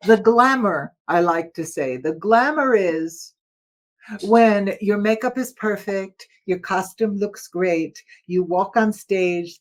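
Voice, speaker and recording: An older woman who used to sing opera tells stories as a guest in a casual interview. She is expressive and laughs often, with dramatic shifts in pitch and loudness.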